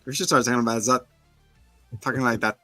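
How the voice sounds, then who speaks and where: A man's voice: medium pitch, fairly even intonation, fast, pushed and bright, no echo, faint music behind. A man co-hosting a casual movie review podcast, animatedly acting out scenes in little voices. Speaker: podcast co-host.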